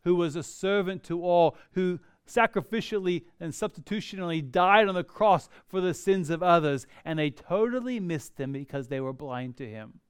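A pastor delivering a sermon, building to emphatic outbursts and slowing on key phrases. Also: male voice, high-pitched, lively intonation, smooth, no room sound, studio quality. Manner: preaching with rising emphatic outbursts and slow drawn-out key phrases.

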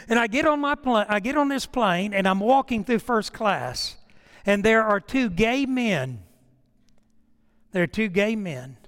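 Animated man preaching a sermon. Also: high voice, in a large hall. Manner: animated storytelling, acts out prayers and dialogue. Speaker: pastor.

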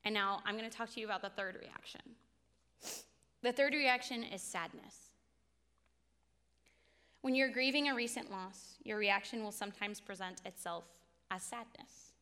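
A woman in her twenties gives a sermon at a faith talk, her voice on the high side with a sharp tone and a big-room sound. She tells a personal story in an earnest, confessional way.

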